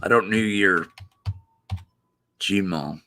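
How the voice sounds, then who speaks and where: A man hosting a casual live-stream chat, talking slowly and haltingly as he thinks aloud. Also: low voice, sharp tone. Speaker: show host.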